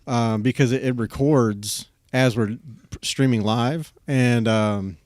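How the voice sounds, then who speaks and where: A male podcast host talks in a loose, rambling way, full of fillers and restarts, often laughing. His voice sits at an ordinary middle pitch and sounds close and dry. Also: slow pace, a little mellow, no room sound. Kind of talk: casual interview chat.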